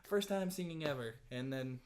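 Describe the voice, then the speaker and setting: A young man chatting casually as a podcast guest, animated, laughing often and slipping into voices. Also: on the high side, normal speed, a little hiss or hum. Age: young adult. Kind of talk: casual chat.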